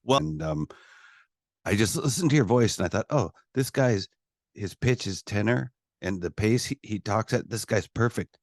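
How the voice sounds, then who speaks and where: A man hosting a casual radio interview, enthusiastic and expressive, often laughing. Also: fairly low pitch, normal speed, vocal fry, no room sound, clean studio sound. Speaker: radio show host.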